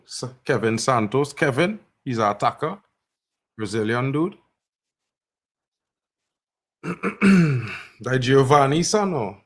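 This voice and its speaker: Male fan stream host, live match reaction, slangy running call, erupts into high shouts.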